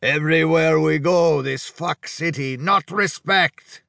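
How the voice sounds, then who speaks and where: A hulking, drunk Hungarian gangster, as a male audiobook narrator puts him on, bellowing crude broken phrases in a raised, slow, dragging voice. He leans hard on every word, loud and boorish. The sound is dry and close. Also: a little high, gravelly, no echo, pitched above the performer's own voice, heavily acted. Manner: broken speech, blunt and crude.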